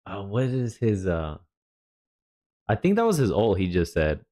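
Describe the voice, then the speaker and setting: A jet-lagged male streamer giving relaxed, rambling reaction commentary with chatty asides. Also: deep voice, unhurried. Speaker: streamer reviewing a developer stream.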